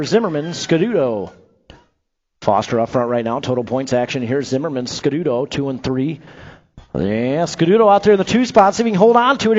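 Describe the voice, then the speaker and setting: A man calls live BMX motos over an outdoor track PA, running through rider names and finishing spots between quick jokes. His voice sits a little high for a man, and the sound is dull and lo-fi, like a public-address system. The delivery stays upbeat and conversational. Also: a little mellow. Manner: upbeat, joking asides between rapid race calls. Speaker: race announcer. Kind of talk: live BMX race commentary.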